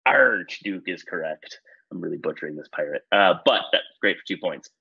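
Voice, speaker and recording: A man hosting a trivia quiz in a relaxed, self-deprecating way, with many "uh"s and "um"s, on a dull, dry, lo-fi recording. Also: deep voice, normal speed, gravelly, breathy edge, no room sound. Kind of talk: casual quiz-show hosting.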